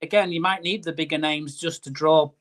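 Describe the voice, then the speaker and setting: A man's voice: on the high side, fairly even intonation, brisk, a crowd in the background. A man in his fifties with a Yorkshire accent, chatting on a video call as a paranormal investigator, who often repeats words while thinking. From Yorkshire, England. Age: 50s. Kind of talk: casual video-call chat.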